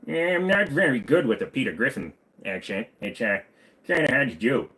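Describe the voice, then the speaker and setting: A man's voice: medium pitch, sing-song, normal speed, pushed and bright. A man hosting a casual livestream, reading viewer questions aloud and answering offhand with lots of ums and uhs.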